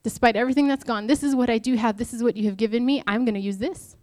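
A woman's voice: fairly high pitch, fast, a little mellow, no echo. A young adult woman giving an informal devotional talk, chatty and candid, mixing personal stories with rhetorical questions. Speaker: speaker at a church talk.

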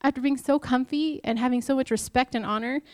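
A married woman with a high-sitting, steady voice speaks fairly quickly in a clean recording with no echo. Leading a Bible study, she gives a casual, chatty, self-deprecating devotional talk and acts out the lines she quotes.

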